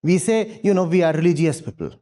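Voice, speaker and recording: A man's voice: on the high side, quick pace, warm tone. A man speaking as a spiritual teacher to a university audience, emphatic, using rhetorical questions and repetition. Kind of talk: lecture with audience Q&A. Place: university lecture hall.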